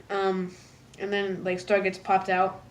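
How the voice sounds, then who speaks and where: Woman reviewer, casual recap, filler-heavy, restarts, pops into squeaky character voices. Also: expressive, slow pace, heavy background noise. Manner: rambling, many "like"s and stumbling restarts; jumps into high, loud voices for characters. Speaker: episode reviewer.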